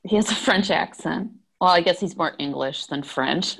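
A woman's voice: fairly low pitch, normal speed, creaky, a bit bright, rough recording. A woman playing in a tabletop role-play, teasing and blunt. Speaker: player.

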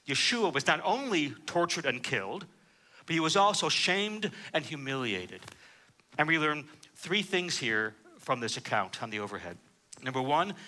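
Lively, bright-voiced male preacher. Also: fairly high pitch. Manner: expository preaching with frequent "uh" fillers; reads scripture aloud then explains it. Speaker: pastor. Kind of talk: sermon.

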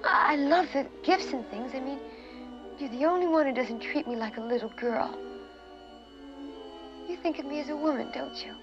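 Actress playing a young woman, breathy pleading half-whisper, high voice, loud film music behind. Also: normal speed, pauses often, dull audio, lightly acted. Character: young woman coaxing an older man.

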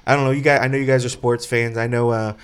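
Laid back podcast host dude rambling with lots of uhs. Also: male voice, medium pitch, level tone, fast, clean tone. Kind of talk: casual chat.

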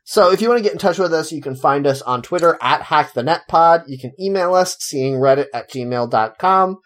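A man's voice: a little high, animated, a little fast, a bit bright. Dry-witted male podcast host. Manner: dry, sarcastic humor with frequent laughing. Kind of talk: casual podcast chat.

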